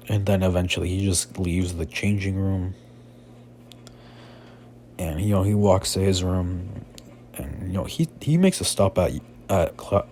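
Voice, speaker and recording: Deep-voiced young man rambling through a story. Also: warm tone, slight background noise. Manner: rambling, filler-heavy, casual. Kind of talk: improvised fan-fiction storytelling.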